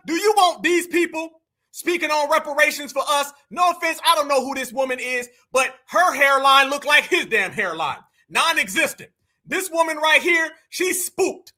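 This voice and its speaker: Dude going off on a reaction stream, high voice, super bright and sharp, swearing and yelling. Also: male voice. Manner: fiery, profane, often shouting. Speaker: political commentator reacting to clips. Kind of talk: heated reaction commentary.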